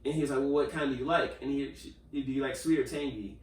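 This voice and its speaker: A man with a medium-pitched voice talks fast as he hosts a podcast, storytelling in an animated way, voicing the quotes and using many fillers. A distant mic gives the sound a roomy, slightly off-mic quality.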